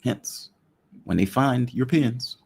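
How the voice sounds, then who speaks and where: Gravelly blunt male show host. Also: mid-range voice, a little mellow, slight background noise. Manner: blunt, joking, quick asides. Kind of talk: casual political talk.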